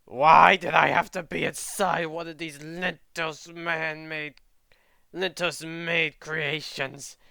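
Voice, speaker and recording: A man's voice: a little high, flat delivery, takes it slowly, gravelly, pushed and bright, clear, resonant tone, dry recording, studio quality, full character voice. A man voicing an annoyed male monster complaining in a raised voice. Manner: irritated, grumbling. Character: annoyed male monster, unidentified life form.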